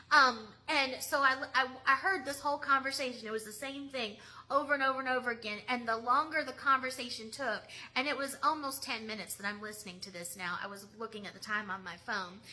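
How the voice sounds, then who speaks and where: A woman's voice: a little high, bright, forceful tone, low-quality recording. A woman who works as a mystery shopper, ranting in an emphatic, indignant way in a casual vlog.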